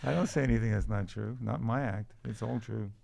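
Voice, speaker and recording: A man's voice: lowish voice, steady tone, brisk, creaky, background noise. A man as a podcast guest, telling personal stories in casual chat and often laughing as he goes. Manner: reflective, laughs through his stories.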